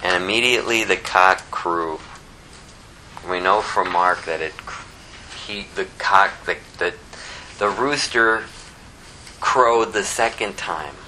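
A man preaching a sermon in a conversational, animated way, acting out the lines he quotes. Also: deep voice, slow pace, pauses often, a little hiss or hum, low-quality recording. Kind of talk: expository sermon.

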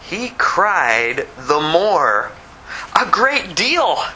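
Male pastor, fervent sermon, bright tone, lively pitch, faint background noise. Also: unhurried, rough recording. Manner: animated, fervent, rises to near shouting. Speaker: preacher.

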